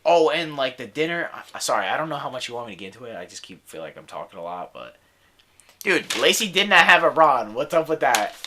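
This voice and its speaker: Young dude rambling about a comedy, bright voice, says like a lot. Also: male voice, medium pitch, sing-song, fast talker. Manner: rambling, enthusiastic, lots of "like" and "dude". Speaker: podcast co-host. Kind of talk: casual film review chat.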